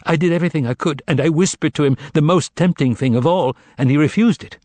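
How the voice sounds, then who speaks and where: A man's voice: fast talker, a little mellow, no echo, close to an everyday voice. A man voicing a devoted young woman who pleads in a raised, urgent voice. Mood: heated. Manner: high, urgent, imploring.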